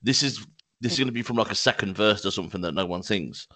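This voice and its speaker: Podcast host, male, low-pitched, sweary casual banter. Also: quick pace, bright, forceful tone. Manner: swears freely, joking and rambling.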